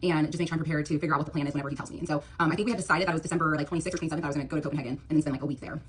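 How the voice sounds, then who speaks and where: Fast-talking young woman telling a story. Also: sits low, fairly even intonation, breathy edge. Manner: rambling, filler-heavy retelling with quoted dialogue. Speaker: TikTok storyteller. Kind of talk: storytime monologue.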